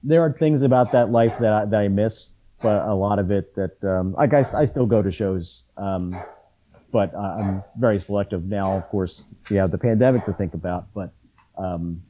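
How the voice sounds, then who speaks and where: A middle-aged man chatting casually about concerts, often halting and restarting his sentences with ums. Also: fairly low pitch, lo-fi sound, slight background noise. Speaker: punk fan in conversation. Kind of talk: casual chat.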